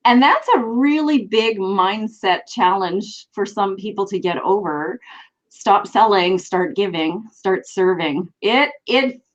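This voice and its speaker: A woman's voice: medium pitch, slow pace. Earnest woman host, slightly muffled. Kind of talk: live online talk show.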